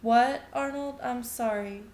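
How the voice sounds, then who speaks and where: A woman's voice: a little high, fairly even intonation, normal speed, a little mellow, lightly acted. A woman voicing a distracted, anxious mother who talks in a fretful, apologetic way, in a story reading in an echoey room.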